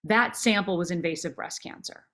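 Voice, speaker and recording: Earnest lower-voiced woman in her forties. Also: normal speed, a bit bright. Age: 40s. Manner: earnest and emotional, restarting phrases. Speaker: guest. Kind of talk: personal storytelling in a podcast interview.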